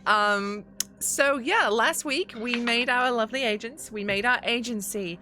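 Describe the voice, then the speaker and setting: Bright, bubbly Yorkshire woman hosting. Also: on the high side, unhurried. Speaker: game master. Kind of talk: hosting a tabletop game stream.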